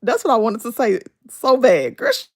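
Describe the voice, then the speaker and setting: A woman talks casually to her livestream viewers through a phone. Her fairly high voice swings up and down a great deal, and she breaks into laughter often while she talks back to them. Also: sing-song, normal speed, a little mellow. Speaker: livestream host.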